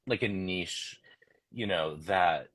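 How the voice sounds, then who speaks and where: Deep husky-voiced man, thoughtful. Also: slow pace, a bit bright. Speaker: author and tarot teacher. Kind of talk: casual interview chat.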